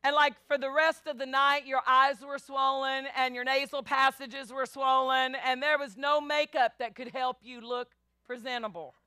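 A woman pastor preaching a sermon, animated, acting out biblical voices and calling the congregation y'all. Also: high voice, normal speed, clear, resonant tone, dry recording, studio quality.

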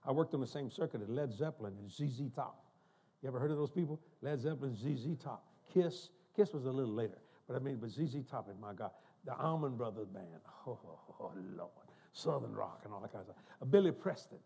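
An older man preaching a storytelling sermon in a church, animated and joking as he goes. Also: medium pitch, fast talker, slightly rough. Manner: animated, joking, laughing asides. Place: church sanctuary.

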